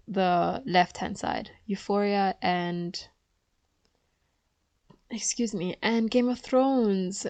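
A woman talks to her viewers in a loose, opinionated chat, often pausing for fillers as she thinks. Her voice sits at an ordinary middle pitch. The sound is dry and close, with no room echo. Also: a little mellow. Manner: chatty and opinionated, with frequent fillers. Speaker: vlogger. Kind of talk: casual chat.

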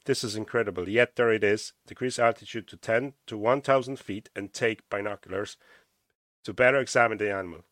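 Irish man, podcast host, reads aloud with stumbles, lowish voice, dry close sound. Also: fairly even intonation, brisk, a bit bright, dry recording. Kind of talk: casual podcast chat, reading aloud from a diary.

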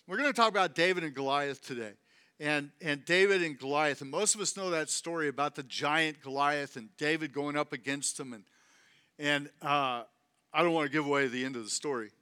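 A guest preacher with a voice on the high side delivers an animated sermon. He repeats phrases for emphasis and calls on the congregation to respond.

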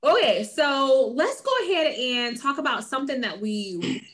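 A woman co-hosts a relaxed podcast chat in a high, very lively voice. She reacts quickly and laughs often. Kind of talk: casual chat.

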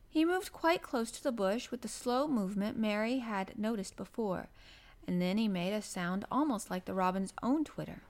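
A woman narrating a classic children's novel aloud in a gentle, even storybook manner. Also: medium pitch, moderate pace.

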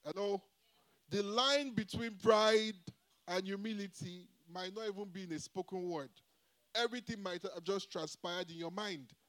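A man with a high voice preaches a sermon. He is emphatic and often calls out to the congregation to answer back. His loudness and pace swing from line to line. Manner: call-and-response, repeatedly asking the congregation "Hello?".

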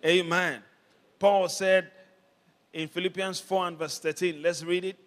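High-voiced preacher man in a big hall. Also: steady tone, a little slow, smooth. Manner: call-and-response preaching, rising to shouts. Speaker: pastor. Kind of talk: sermon. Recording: long hall reverb.

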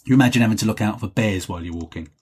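A man's voice: fairly low pitch, very fast, breathy edge. A man hosting a solo podcast, chatting in a rambling, self-deprecating way as he reads out listener messages. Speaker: podcast host.

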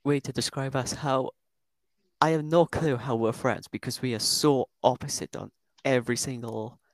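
A man's voice: medium pitch, fairly even intonation, moderate pace, no echo. A Welsh man co-hosting a podcast, joking and teasing in casual chat. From Wales. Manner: joking, laughs often, teasing. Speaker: podcast co-host.

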